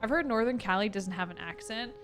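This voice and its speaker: A woman with a Californian Valley Girl accent, chatting casually with her viewers while playing a game. She says "like" a lot, with upward inflection and a touch of vocal fry. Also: mid-range voice, brisk, faint music behind. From California, USA. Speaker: gaming streamer. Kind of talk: casual let's-play chat with viewers.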